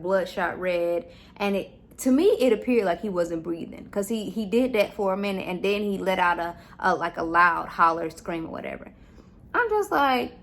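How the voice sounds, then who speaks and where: A woman's voice: mid-range voice, creaky, a bit bright. A young adult woman vlogging about her experience as a new mom, talking casually and candidly with many fillers. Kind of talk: casual personal storytelling.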